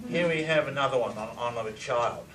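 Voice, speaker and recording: A man's voice: mid-range voice, fairly quick, fairly bright tone. A middle-aged man giving a lecture, enthusiastically playing recordings and quizzing his audience. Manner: enthusiastic, asks audience questions. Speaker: lecturer on reverse speech. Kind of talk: recorded lecture with audio examples. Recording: echoey room, far from mic, faint hiss.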